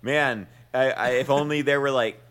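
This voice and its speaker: A man co-hosting a podcast, talking excitedly with lots of stammers and "like". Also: medium pitch, moderate pace, smooth. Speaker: podcast co-host. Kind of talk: casual chat.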